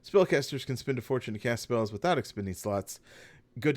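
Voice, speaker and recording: A man's voice: fairly low pitch, lively intonation, moderate pace. A man running a tabletop game as game master, recapping the story and explaining the rules in a loose, chatty way with frequent self-corrections.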